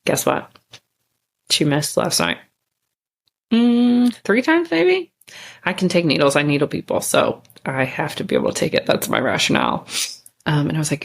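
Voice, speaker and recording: A woman's voice: deep voice, lively intonation, moderate pace, gravelly. A woman podcast host telling a story in a candid, chatty way, with casual swearing and bursts of speed.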